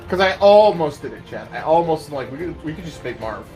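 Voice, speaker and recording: A man's voice: on the high side, lively intonation, fairly quick, darkish tone, faint music behind. A man live-streaming a game, chatting casually with his viewers and reacting to what happens.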